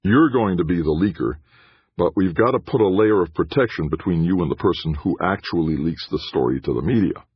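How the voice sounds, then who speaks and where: A man's voice: low-pitched, lively intonation, brisk, slightly rough, no echo, lo-fi sound. Man voicing a glib, joking PR man. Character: slick, breezy male PR director, big and jovial.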